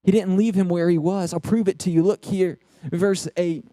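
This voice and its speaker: A man with a high voice and a mellow, dark tone preaches a sermon. He talks earnestly and with animation, sometimes stumbling into quick restarts. The sound is dry and close. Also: fairly even intonation, dry recording. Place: church.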